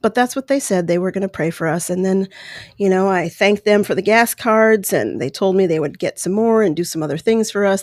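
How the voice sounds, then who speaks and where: A woman in her thirties hosts a podcast, sharing candid, emotional personal stories in a rambling way full of restarts. Her voice is medium-pitched and a little mellow, captured dry on a close microphone.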